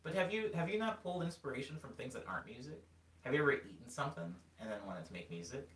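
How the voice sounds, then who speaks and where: This young music streamer talks quickly in a medium-pitched voice, replying to chat and straying off track mid-story. He rambles animatedly with frequent fillers, and the echoey room leaves him sounding distant and a little off-mic.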